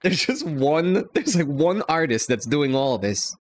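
A man's voice: on the high side, sing-song, unhurried. A man chatting and joking while gaming with a friend, swearing and laughing a lot. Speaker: co-streamer. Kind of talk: casual chat while gaming.

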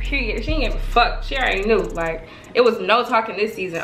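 A young woman reacting to a reality show trailer in a casual vlog, loud and profane, laughing and talking straight to her viewers. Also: on the high side, normal speed, roomy sound, soft background music.

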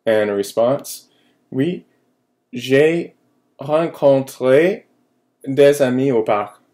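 Slow, patient male teacher. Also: fairly low pitch, mellow. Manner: slow and patient, many fillers, repeats French phrases. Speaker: French teacher. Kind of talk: recorded online lesson.

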